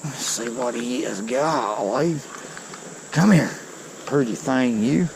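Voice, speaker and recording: A man, giving excited, folksy commentary to viewers while he fishes a creek outdoors. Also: mid-range voice, a little slow, a little hiss or hum, rough recording. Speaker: fishing vlogger.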